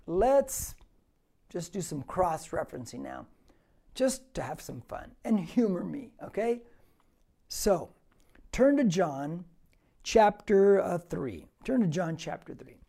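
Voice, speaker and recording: A man's voice: sits high, gravelly. A male pastor preaching a verse-by-verse sermon, emphatic and repeating phrases for stress. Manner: emphatic, with loud rises on key words; reads scripture aloud and repeats phrases for stress.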